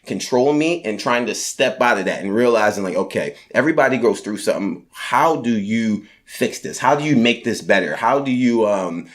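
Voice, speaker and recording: A man being interviewed, telling personal stories in an energetic, heartfelt way, with a mild stutter and plenty of "like" and "essentially". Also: mid-range voice, moderate pace, hardly any pauses. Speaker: guest entrepreneur. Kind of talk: casual conversational interview.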